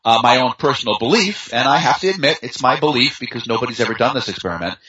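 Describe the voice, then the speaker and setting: A man talking in an unhurried, chatty way as a guest in a conversation, with fillers and easy storytelling. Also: medium pitch, animated, pushed and bright. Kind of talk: casual conversation. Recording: dull lo-fi sound.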